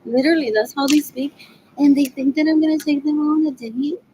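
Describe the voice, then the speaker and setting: A woman's voice: high-pitched, fairly even intonation, fairly quick, warm tone, a little hiss or hum, rough recording. A woman in her forties rambling agitatedly in a solo video monologue. She repeats herself and slips between English and Spanish. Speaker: vlogger asking for money.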